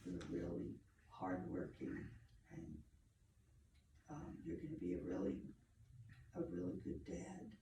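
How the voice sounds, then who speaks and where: Halting woman medium, slow and gravelly. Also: a bass voice, very animated. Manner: halting, searching, repeats phrases. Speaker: psychic medium. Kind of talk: medium reading for a family. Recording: echoey room from far off, faint noise.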